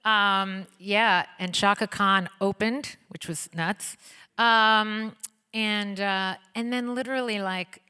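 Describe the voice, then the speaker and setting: A woman being interviewed onstage in an auditorium, telling stories in a bubbly, excited way full of likes and ums. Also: mid-range voice, slow, clear, resonant tone. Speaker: guest, pop singer and author. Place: auditorium stage before an audience. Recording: long reverb of a hall.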